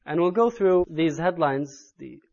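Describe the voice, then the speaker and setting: A man delivering an Islamic sermon in an earnest tone that builds to loud, urgent emphasis. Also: on the high side, expressive, measured pace, vocal fry, lo-fi sound. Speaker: Islamic preacher.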